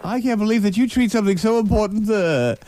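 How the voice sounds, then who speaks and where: A man's voice: high voice, fast, background noise. A man hosting a morning radio show, teasing and wheedling his guest in playful banter. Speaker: radio host.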